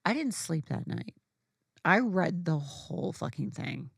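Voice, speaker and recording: A woman's voice: fairly low pitch, sing-song, unhurried, gravelly, husky, no echo, studio quality. A woman telling a personal story in a casual, profane, chatty way, full of fillers and acted-out dialogue.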